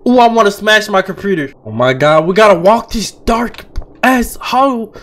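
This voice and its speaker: A man's voice: animated, moderate pace, a little hiss or hum. Young man panicking through a horror game. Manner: swings from low mumbling to loud panicked shouts, reads on-screen text aloud. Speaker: gaming channel host. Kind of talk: horror game let's play commentary.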